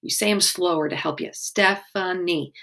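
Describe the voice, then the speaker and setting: A woman leads a children's writing webinar in a friendly, encouraging way. Her voice has a gravelly edge and sits at a middle pitch. She slows right down to sound out words syllable by syllable. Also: expressive, a bit bright.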